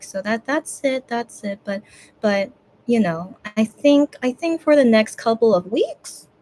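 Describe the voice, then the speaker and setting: A woman's voice: medium pitch, darkish tone, slight background noise. A woman streamer talking casually and tearfully to her viewers, rambling with many restarts and fillers. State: teary, on the verge of crying. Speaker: streamer hosting a fan watch party. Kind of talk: emotional casual chat.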